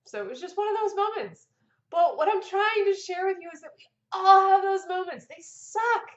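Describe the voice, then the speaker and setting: A middle-aged woman vlogger telling a personal story in a casual, animated way, often laughing. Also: extremely high pitch, normal speed, roomy sound, dull audio.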